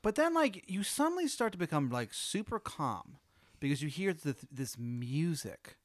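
A man's voice: on the high side, very animated, no room sound. Rambling man spinning a wild hypothetical. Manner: rambling, halting, full of restarts and fillers. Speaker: host telling a hypothetical. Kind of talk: improvised comedic storytelling.

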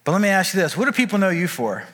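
Bright-voiced man preaching in a hall. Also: sits high, very animated, slightly rough. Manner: conversational storytelling with quick asides. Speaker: pastor. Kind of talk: sermon. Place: church auditorium.

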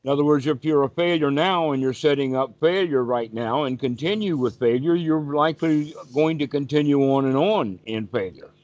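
A man's voice: on the high side, moderate pace, hardly any pauses, a little mellow, no echo. A male meditation teacher giving a patient, repetitive teaching talk over a video call. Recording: dull, dry lo-fi call audio.

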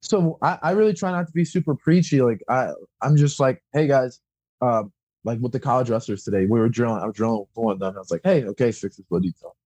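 A young man with a dark, husky voice talks bluntly about coaching in a relaxed podcast chat. He swears freely and acts out what people said to him. The sound is dry and close. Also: mid-range voice, quick pace, no echo. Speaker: wrestling coach and guest.

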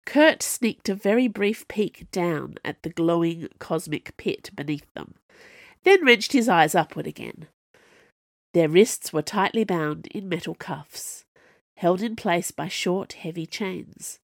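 A woman narrating a novel as an audiobook, with expressive storytelling. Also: fairly low pitch, slow, vocal fry, dry recording, clean studio sound. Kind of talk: scripted narration.

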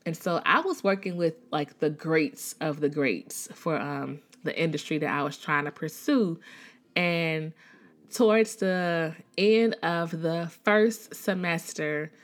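Speaking in a low voice at a slow pace, a woman in her thirties from the Chicago area, USA, tells her faith testimony. She's a Christian speaker who talks conversationally, full of fillers and restarts.

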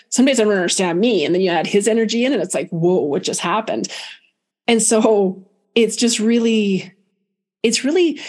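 Woman guest, medium; soft, reflective, halting delivery with frequent restarts; mid-pitched voice. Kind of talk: emotional personal storytelling.

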